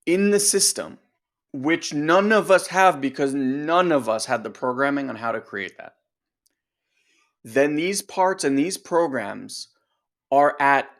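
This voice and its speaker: A male coach with a slightly high voice, talking straight to his audience. He is emphatic and direct and keeps throwing rhetorical questions at the listeners. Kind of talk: motivational coaching talk.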